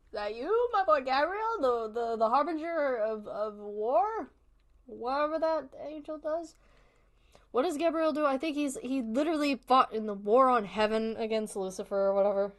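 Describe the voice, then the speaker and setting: A woman's voice: a little high, moderate pace. A woman streamer giving casual, joking commentary while playing a horror game, laughing often. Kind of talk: casual let's-play commentary.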